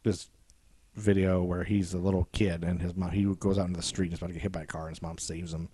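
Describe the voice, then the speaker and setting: A man's voice: low-pitched, little pitch movement, mellow, husky, no room sound. A man co-hosting a casual chat show, reading off trivia and rambling with jokes. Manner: rambling, jokey, fast. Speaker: podcast co-host.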